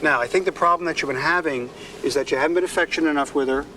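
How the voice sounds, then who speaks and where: A man's voice: fairly high pitch, rapid-fire, bright, forceful tone. A man working as a dog trainer, giving firm, clipped instructions during a hands-on demonstration. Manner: firm, coaching, short commands. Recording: distant mic with faint outdoor noise.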